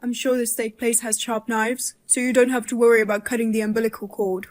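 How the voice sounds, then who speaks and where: A woman's voice: fairly high pitch, flat delivery, fairly quick, close to an everyday voice. A woman voicing a blunt, outraged mother-in-law who jokes darkly and talks sharply. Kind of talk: dramatized story voice-over.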